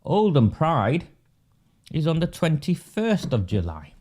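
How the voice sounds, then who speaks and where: A man's voice: a little high, huge pitch swings, slow pace, darkish tone. A man hosting a live webinar, delivering sarcastic, mocking commentary. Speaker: webinar host and political campaigner.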